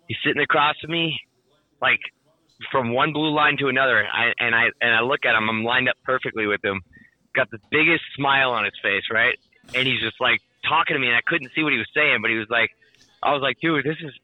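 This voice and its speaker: A man telling a story in casual chat, excitable and swearing constantly, with lots of "like.". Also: mid-range voice, no echo, highs cut off.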